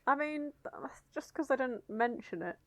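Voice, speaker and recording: A woman's voice: sits high, animated, normal speed, dry recording. A woman co-hosting a podcast in casual chat, with wry, teasing quips. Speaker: podcast co-host.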